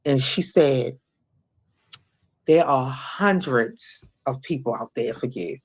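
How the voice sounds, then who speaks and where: Halting middle-aged woman recounting trauma. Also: extremely low pitch, expressive, husky. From Maryland, USA. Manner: halting, many restarts and fillers. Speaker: guest. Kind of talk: emotional personal testimony.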